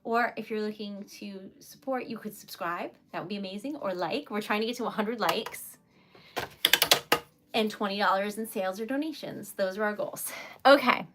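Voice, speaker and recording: A woman livestream host and poet chatting casually and giggling often, with scattered, unhurried talk. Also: mid-range voice, heavy background noise. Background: typewriter clacking.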